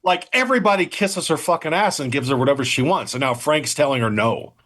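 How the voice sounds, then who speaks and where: A man's voice: fairly high pitch, lively intonation, fast, a bit bright. A man co-hosting a casual movie review podcast, blunt and profane in his opinions. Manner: blunt and profane, emphatic agreement. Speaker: podcast co-host.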